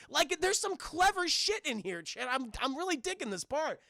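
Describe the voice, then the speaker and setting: Man streaming, casual film retelling, profane, rambling, bright tone, dry close sound. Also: very high voice, sing-song, fairly quick, vocal fry, few pauses, dry recording. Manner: rambling, profane, talks to chat.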